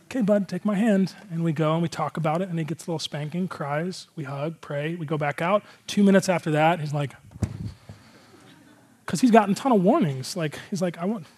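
A man's voice: a little high, a little fast, darkish tone, a little hiss or hum. A male pastor giving a casual, conversational sermon, earnest and rambling, with a lot of filler words.

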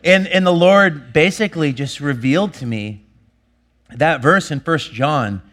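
Man, pastor, sermon, earnest, fairly high voice, emphatic then hushed. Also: expressive, unhurried.

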